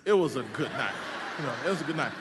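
A male pastor preaching a sermon in an animated, repetitive call-and-response manner. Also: a little high, rapid-fire, long reverb tail, noisy background.

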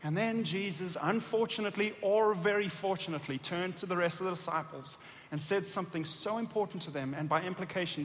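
Male pastor, high voice, animated sermon delivery that dramatizes scripture, long church reverb. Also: slight background noise. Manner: animated preaching, acting out voices of scripture figures.

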